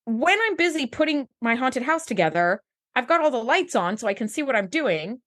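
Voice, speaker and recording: A woman co-host with a slightly raised pitch chats casually about an episode. She talks with enthusiasm and breaks off into personal stories. Now and then she swears offhandedly. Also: very animated, fairly quick, fairly bright tone. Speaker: podcast co-host. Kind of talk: casual episode recap chat.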